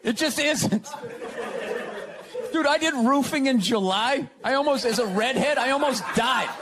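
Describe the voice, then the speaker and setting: A man's voice: extremely high pitch, measured pace, crowd noise, background noise. A man talking in a casual interview, sarcastic and ranting, laughing often as he tells stories. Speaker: comedian guest.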